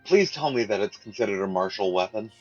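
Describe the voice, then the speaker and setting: A man's voice: fairly low pitch, expressive, fairly quick, darkish tone, soft background music. A man playing a tabletop game, answering briefly and matter-of-factly. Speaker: player. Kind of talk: casual chat at a game table. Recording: dull lo-fi mic.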